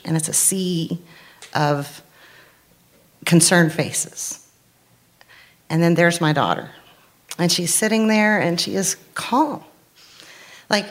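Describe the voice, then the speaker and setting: A woman in her forties telling a personal story to a live audience from a stage, earnest and candid, with thoughtful pauses. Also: on the low side.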